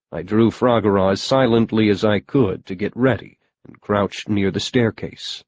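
A man's voice: fairly low pitch, a little mellow, no room sound, dull audio. A man narrating a first-person audiobook in a wry, matter-of-fact storytelling manner.

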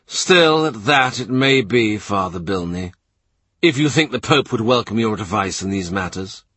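Storybook role: a man playing a blunt, weary lawyer, low and husky. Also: animated, moderate pace, a bit bright, no echo. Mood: gloomy. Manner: dry, gloomy, blunt. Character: weary worldly middle-aged lawyer.

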